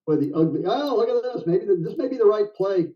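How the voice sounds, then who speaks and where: An older man calling a game live, chatty and full of quips, with a slightly high voice. He sounds set back from the mic, and the audio is dull and muffled. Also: lively intonation, recorded from a distance. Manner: chatty, jokey, quick to laugh. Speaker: backgammon commentator.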